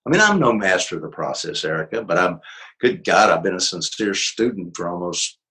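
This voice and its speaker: An older man, a psychologist and author, talking as an interview guest in a gentle, reflective way with easy laughs. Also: low-pitched, lively intonation, a little fast, rough recording. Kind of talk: conversational interview.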